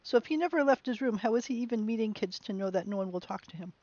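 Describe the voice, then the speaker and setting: A woman giving chatty, musing let's play commentary on a game, with bursts of excitement. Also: fairly high pitch, fast, no room sound, dull audio. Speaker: game streamer.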